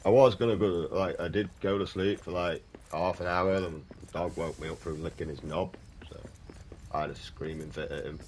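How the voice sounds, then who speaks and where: A young British man with a very deep voice, swearing and ranting casually while chatting to viewers on a stream. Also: steady tone, moderate pace, a little mellow, a little hiss or hum. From United Kingdom. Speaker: gaming streamer. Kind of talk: casual livestream chat.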